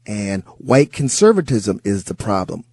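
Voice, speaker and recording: A man filling in as a talk radio host, giving an animated, sarcastic monologue and chuckling at times. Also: fairly low pitch, unhurried, husky, no echo, clean studio sound.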